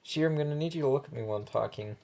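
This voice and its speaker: Here a man races through his lines in a mid-range, creaky, warm voice that sounds close to his everyday speech. It's amateur animation voice acting of a flustered first-grade teacher taking roll, patient but stumbling, restarting sentences and constantly saying sorry.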